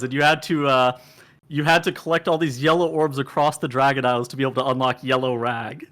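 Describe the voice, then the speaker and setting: A man's voice: mid-range voice, fairly even intonation, fairly quick, a bit bright. A man chatting casually on a podcast quiz, laughing and rambling. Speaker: podcast co-host.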